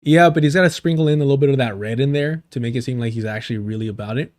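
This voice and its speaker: Speaking at a racing pace, this man has a medium-pitched, slightly mellow voice. He's a profane livestream commentator who reacts to clips, ridicules the people he covers, and imitates them in overblown voices.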